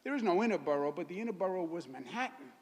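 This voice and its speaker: A man's voice: high-pitched, lively intonation, very fast, in a large hall. A man in his sixties with a Queens, New York accent, giving a folksy, emphatic public speech as a state governor. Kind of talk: public speech at a press event. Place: public event in a neighborhood, with a crowd.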